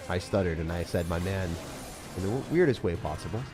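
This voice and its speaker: A man's voice: low voice, animated, fairly quick, music in the background. A young man streaming a game live, joking at his own expense and answering chat. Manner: self-mocking, jokey, reads and answers chat.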